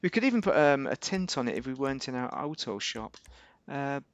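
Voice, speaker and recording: A man's voice: medium pitch, lively intonation, fairly quick, dull audio. A man giving casual, rambling gameplay commentary as a YouTuber, correcting himself and making wry asides. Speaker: gaming YouTuber.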